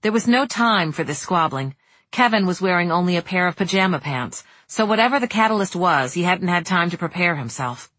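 A woman reading a novel aloud in steady audiobook narration. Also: lowish voice, fairly quick, no room sound.

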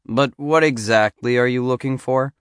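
A man's voice: fairly low pitch, animated, moderate pace, a bit bright, no room sound, clean studio sound. A man reading the part of a middle-aged male FBI agent in an audiobook, curt and a bit patronizing. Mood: bored. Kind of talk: audiobook character voice.

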